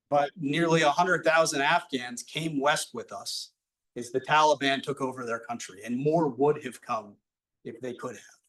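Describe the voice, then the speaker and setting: A man delivering prepared closing remarks at a panel, in an earnest, measured way. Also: mid-range voice, a bit bright, rough recording. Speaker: panel speaker.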